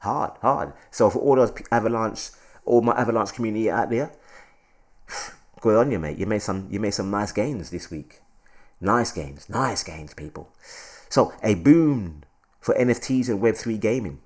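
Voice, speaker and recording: A man hosting his crypto channel, excitable and repetitive, always calling out to his viewers in casual hype commentary. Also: lowish voice, moderate pace.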